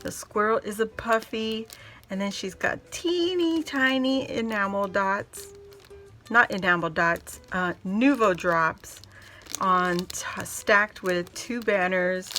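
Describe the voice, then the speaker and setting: A woman hosting a casual crafting vlog, gushing and excitable as she shows off a handmade gift and talks to her viewers. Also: mid-range voice, takes it slowly, soft background music. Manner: gushing, excitable, squeals and laughs often; addresses viewers as "guys". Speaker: crafting video host.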